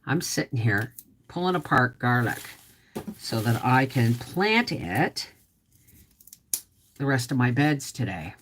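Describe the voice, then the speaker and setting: A woman's voice: a bass voice, very animated, slow, long pauses, a little hiss or hum. A middle-aged woman hosting a casual homestead livestream, rambling chattily and greeting viewers by name, her voice a little off. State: voice slightly off.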